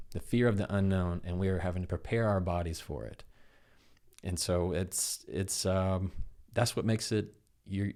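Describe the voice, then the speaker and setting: Casting note: man, low voice, animated explainer who acts out quoted dialogue, interview guest. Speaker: guest, communication expert. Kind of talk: conversational interview.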